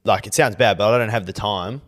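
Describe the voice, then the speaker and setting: A young man co-hosting a podcast, telling stories in lively, sweary casual chat. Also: fairly low pitch, brisk. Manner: animated storytelling, swears freely. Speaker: podcast co-host.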